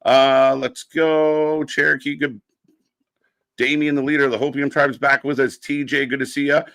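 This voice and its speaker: A man's voice: mid-range voice, flat delivery, normal speed, vocal fry, fairly bright tone, no room sound. A young man hosting a live wrestling stream, casually greeting chatters by name in an upbeat way. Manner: rattles off chat names and greetings, upbeat. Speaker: host of a live wrestling watch-along stream.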